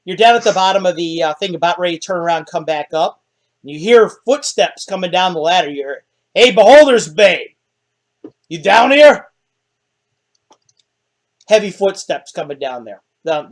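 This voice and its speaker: High-voiced man running a tabletop game. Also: brisk. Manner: lively, laughs often. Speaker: dungeon master.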